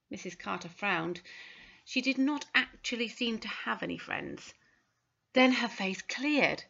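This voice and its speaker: A woman reads a story aloud with a bright, crisp voice and steady delivery. The audio is a little dull and lo-fi. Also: a little high, unhurried. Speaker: audiobook narrator. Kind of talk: scripted narration.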